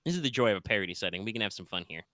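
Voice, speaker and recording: A man's voice: on the low side, expressive, rapid-fire, a bit bright, no room sound. A man running a tabletop game as game master, chatty and jokey.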